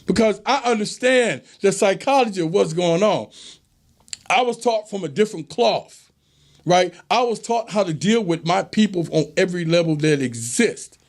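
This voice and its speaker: A man's voice: sits high, lively intonation, moderate pace. A man hosting a casual monologue show, talking in an emphatic, preachy way and acting out the voices of people he quotes. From American South. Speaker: show host.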